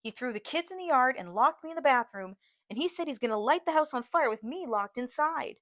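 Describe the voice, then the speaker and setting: A woman's voice: high-pitched, animated, brisk, a bit bright, no room sound, studio quality, pitched above the performer's own voice. A woman reading an audiobook, voicing a distraught grown woman who pleads in panic and then turns fierce. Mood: frantic.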